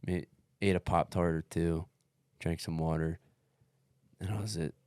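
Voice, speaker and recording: A man's voice: sits low, a little slow, clean tone, no room sound. A man on a casual podcast telling a story, swearing freely, calling people dude and bro, and acting out what others said. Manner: profane, animated retelling with acted-out quotes; peppers speech with dude and bro. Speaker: podcast co-host recounting his race.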